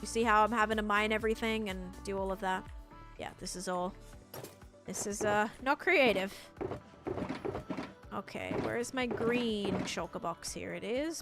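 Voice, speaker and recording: An Australian woman chats easily with her stream audience while she builds, greeting followers and thinking out loud. Her voice sits at a middle pitch, with soft music playing faintly underneath. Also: moderate pace, long pauses. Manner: chatty, talks to chat while building. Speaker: live streamer. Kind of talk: casual live-stream chat while playing.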